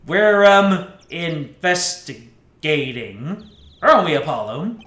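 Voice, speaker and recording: A man doing a squeaky, bubbly teen girl. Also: big pitch swings, slow, a bit bright, roomy sound, full character voice. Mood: eager.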